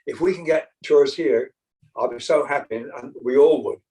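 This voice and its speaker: A man's voice: medium pitch, moderate pace, mellow, far from the mic, low-quality recording. An older British-born rock singer, a man, chatting casually as an interview guest, rambling with many fillers and restarts. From Britain.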